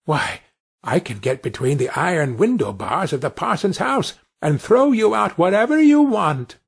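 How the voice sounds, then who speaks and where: A man's voice: very animated, normal speed, gravelly, husky, full character voice. A man reading a storybook, voicing a tiny, cheeky boy no bigger than a thumb who calls out boldly and mischievously. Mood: eager. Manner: high, bold and mischievous, calls out loudly.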